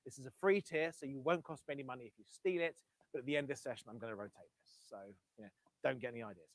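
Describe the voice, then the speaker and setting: A man with a mid-range voice talks rapid-fire, with no echo, through a Bluetooth headset. He's running a live-coding tech talk for a meetup crowd, keeping it casual, correcting himself as he goes and tossing in wry asides.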